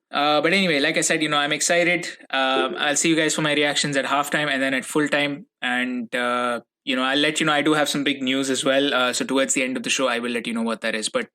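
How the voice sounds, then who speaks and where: Bright-voiced young man ranting about football. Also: medium pitch. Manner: ranting, swearing, repeats himself when angry. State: furious. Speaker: fan podcast host. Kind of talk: solo football reaction podcast.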